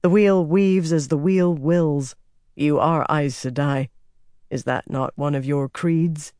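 A man voicing a stern, burdened young male king who speaks in a quiet, measured, grim way. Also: a little high, steady tone, no room sound, studio quality. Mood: calm, resigned.

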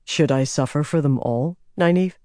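A man voicing a stern, burdened young male king who speaks in a quiet, measured, grim way. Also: on the high side, no room sound, clean studio sound, natural voice.

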